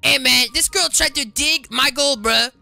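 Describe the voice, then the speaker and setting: A woman doing a loud, goofy comedic roleplay over a game, full of slang, yelling and shrieks. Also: high-pitched, normal speed, creaky. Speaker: YouTuber voicing roleplay characters.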